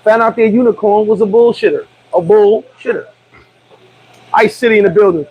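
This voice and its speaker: A man's voice: sits high, moderate pace, a little mellow, breathy edge, rough recording. A man hosting a casual livestream chat, telling blunt, profane stories. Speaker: livestream host.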